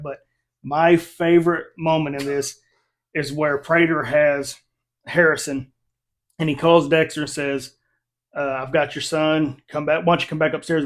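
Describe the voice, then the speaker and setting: Animated man chatting about a show. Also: a little high. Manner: animated, laughing, retells scenes. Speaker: reviewer, channel host. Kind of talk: casual chat.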